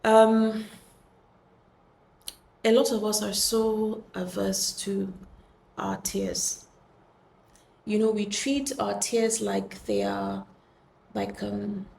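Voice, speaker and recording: A woman's voice: mid-range voice, slow, gravelly, pauses often, a little mellow, a little hiss or hum. Woman, solo podcast host, earnest coaxing talk, frequent restarts, roomy echo.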